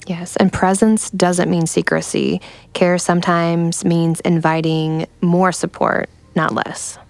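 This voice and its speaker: A woman's voice: fairly low pitch, level tone, takes it slowly, vocal fry, dry recording. A woman co-hosting a podcast who affirms the others and asks the next question. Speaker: podcast co-host. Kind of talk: casual faith-based discussion.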